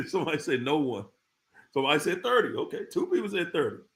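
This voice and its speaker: Lively high-voiced man on a live stream. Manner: repetitive, emphatic, speaks in informal slang. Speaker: live-stream host talking about narcissists. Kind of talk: casual live-stream talk to viewers.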